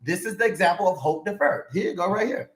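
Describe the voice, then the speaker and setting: A man in the role of a life coach, giving an animated, preachy motivational sermon with repeated calls to his listeners. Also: high-pitched, fast talker. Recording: echoey room with faint music.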